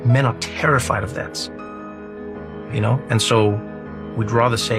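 A man's voice: medium pitch, fairly even intonation, moderate pace, long pauses. Earnest guy talking, music under it. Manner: earnest, reflective.

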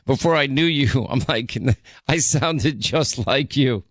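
A man's voice: medium pitch, dry recording, studio quality. A man with a New York accent hosting a talk radio show, bantering playfully with his co-host. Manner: playful teasing, quick asides. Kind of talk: casual on-air banter.

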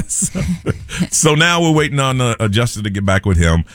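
A man, a morning radio host telling a story in an animated way and acting out the people in it. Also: mid-range voice, moderate pace, dry recording. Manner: animated storyteller, acts out quoted voices.

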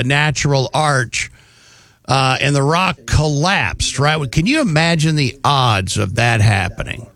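A man hosting a talk show, telling news stories in a casual, animated way with jokey asides. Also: mid-range voice, gravelly, dry recording. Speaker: radio show host.

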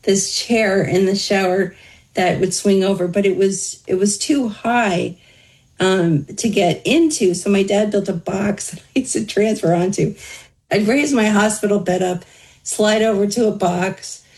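A woman's voice: medium pitch, a little slow, darkish tone, poor audio. A woman being interviewed as an author, telling her life story openly in a conversational way, with wry humor. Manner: candid, wry humor, talks through hardship plainly.

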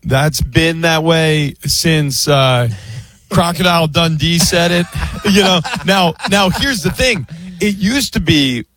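A man's voice: on the high side, slow pace, a bit bright, faint music behind. A man on a casual sports show, talking in a folksy, meandering way. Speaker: sports talk panelist.

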